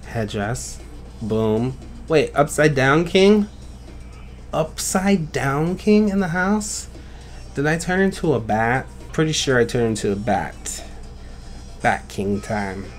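A man's voice: medium pitch, lively intonation, slow pace, faint music behind. A man hosting a game channel, chatting casually and goofily as he gushes over fan art his viewers sent in. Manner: playful and goofy, gushing over viewers' art. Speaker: YouTube game channel host.

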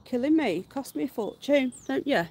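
A woman's voice: high-pitched, animated, moderate pace, darkish tone. A middle-aged British woman chatting casually on a live stream from her back garden, laughing and swearing freely. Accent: British English.

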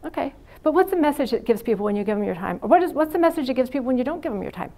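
Lecturing in a university classroom, the middle-aged psychiatric nurse speaks in a high, animated, warm voice at a racing pace. She is frank and chatty, telling anecdotes and saying "you know" a lot.

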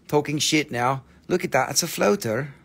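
A man's voice: fairly high pitch, moderate pace, vocal fry. A man with an American accent hosting a casual live-stream crystal sale, joking and swearing as he rambles over the stones. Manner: joking, profane, rambling while showing stones.

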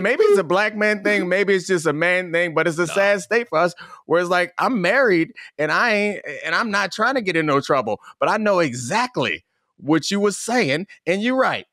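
A man's voice: high voice, fairly bright tone, no room sound. Wry, teasing man on a dry mic. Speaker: podcast co-host. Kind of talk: casual sports talk banter.

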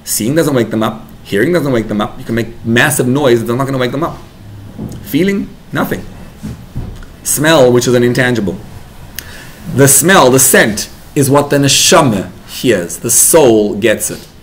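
A man's voice: medium pitch, moderate pace, slight background noise. A man giving a Torah class to parents as a rabbi, talking animatedly and building to emphatic bursts.

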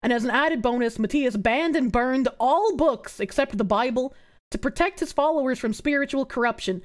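A woman's voice: sits high, normal speed. A young adult woman streamer reading history aloud and breaking off for sarcastic, swearing asides to her chat.

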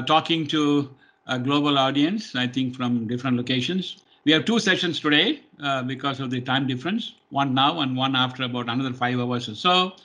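A man's voice: mid-range voice, pushed and bright. A man giving a webinar presentation on professional certification, explaining in a plain way with many fillers. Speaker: webinar presenter, training firm head.

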